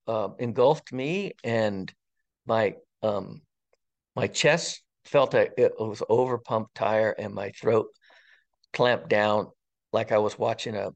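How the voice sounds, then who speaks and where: A man in his sixties, an interview guest and retired fire captain, tells a personal story in an earnest, wondering way with frequent ums and pauses. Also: lowish voice, muffled recording. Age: 60s.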